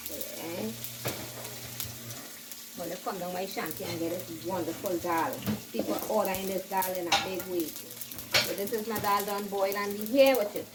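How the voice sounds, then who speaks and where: A woman's voice: mid-range voice, steady tone, moderate pace. Chatty Caribbean woman cooking by the fire. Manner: chatty, repeats "right?", calls herself by name. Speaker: home cook vlogger. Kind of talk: casual cooking demonstration. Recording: distant mic, loud frying noise. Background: sizzling frying food.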